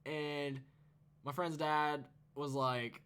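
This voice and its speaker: A man's voice: a little high, level tone, extremely slow, fairly bright tone, clean tone. A teenage man telling a storytime vlog, casual and profane, rambling and laughing. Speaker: YouTuber.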